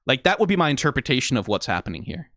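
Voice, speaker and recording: A man streaming a casual reaction, analyzing scenes closely, swearing freely and getting emotional and excitable. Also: medium pitch, racing, no echo, clean studio sound. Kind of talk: casual video commentary.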